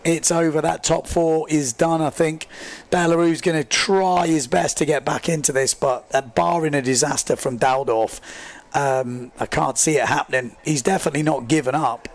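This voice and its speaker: A man commentating a live race stream, excitable and chatty, joking at his own expense as he reads viewer comments. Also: fairly high pitch, moderate pace. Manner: excitable, chatty, self-deprecating, rambling with fillers. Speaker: livestream sports commentator.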